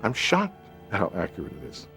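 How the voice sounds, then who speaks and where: A man's voice: low-pitched, wildly swooping pitch, brisk, pushed and bright, soft background music. A man remembering working on a film, telling the story reflectively in a documentary interview. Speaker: actor interviewee.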